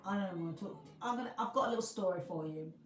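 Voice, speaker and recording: A woman's voice: medium pitch, rapid-fire, distant mic. A woman from the UK chatting casually with viewers on her livestream, rambling and restarting often. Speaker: livestream host. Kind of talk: casual live chat with viewers. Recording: roomy, from the mic, faint music.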